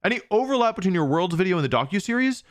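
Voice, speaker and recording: Young man, live streamer, casual chat, answers viewer questions, trips over his words, slightly high voice. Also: sing-song, rapid-fire. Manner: chatty, reads viewer questions aloud and answers them, frequent restarts. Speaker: streamer hosting a watch party.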